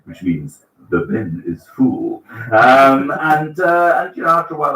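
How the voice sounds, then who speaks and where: A man's voice: mid-range voice, big pitch swings, moderate pace, fairly bright tone. A man hosting an open mic night in a small bookshop, chatting in a rambling, self-mocking way with many fillers. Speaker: open mic host and singer. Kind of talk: casual stage patter and comic song with guitar. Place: small bookshop stage, live audience. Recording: roomy bookshop, mic at a distance. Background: guitar.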